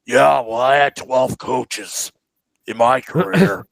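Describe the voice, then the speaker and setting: A man's voice: mid-range voice, slow pace, dry recording. A man doing a teasing impression of a sarcastic hockey player with a Nova Scotian accent. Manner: mock-gruff, teasing impression.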